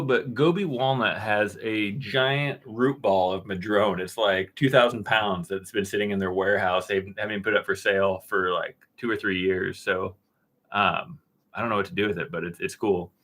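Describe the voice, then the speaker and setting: Thirtysomething guy on a live stream, lowish voice, easygoing and rambly, lots of uhs and ums while he reads chat. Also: normal speed. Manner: relaxed, rambling, many fillers and restarts. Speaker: woodworking channel host answering live chat. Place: dark-painted home studio room.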